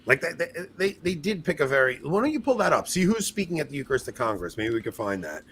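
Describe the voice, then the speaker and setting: A man's voice: on the high side, sing-song, fast talker, fairly bright tone, a little hiss or hum. A young man co-hosting a podcast in casual chat, rambling and self-mocking with frequent laughs. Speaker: podcast co-host.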